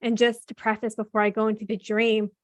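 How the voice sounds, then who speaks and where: Her voice fairly high and completely flat, this Canadian woman speaks fairly quickly as a podcast guest sharing a personal story. It's a chatty telling, full of "like" fillers, with her quoting herself and other people.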